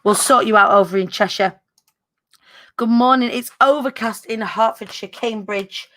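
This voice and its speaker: A woman's voice: a little high, moderate pace, sharp tone. A woman, hosting a casual live-stream chat in a bubbly way, full of British slang. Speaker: host.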